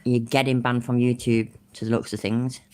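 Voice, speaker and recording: A woman's voice: very deep voice, level tone, normal speed, mellow, a little hiss or hum. A British woman streaming her reaction to a video, talking bluntly and swearing as she rants. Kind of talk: casual reaction commentary.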